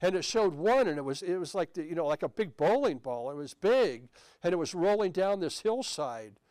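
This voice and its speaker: A man's voice: sits high, animated, moderate pace, darkish tone, no room sound. A male pastor telling a personal story during a sermon in a conversational, anecdotal way. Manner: anecdotal, conversational with frequent restarts. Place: church sanctuary.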